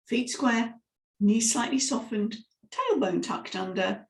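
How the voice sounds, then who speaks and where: Lively woman coaching vocal warm-ups. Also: on the high side, takes it slowly. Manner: lively, demonstrative, guides listeners through exercises. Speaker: speaking coach. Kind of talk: live vocal warm-up lesson. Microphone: microphone, sometimes stepping close. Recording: roomy echo.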